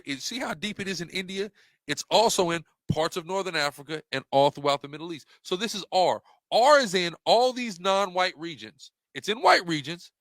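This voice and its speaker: A religious debater walks through his slides in an impassioned, rhetorical monologue, repeating questions for emphasis. His voice is high-pitched with a sharp tone, and the recording is dry and of studio quality.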